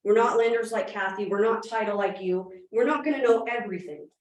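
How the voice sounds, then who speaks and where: Here the same kind of speaker, a thirtysomething woman at medium pitch, races energetically through a live real estate training session, throwing questions at the people in the meeting room. Heavy echo and a distant mic color the sound.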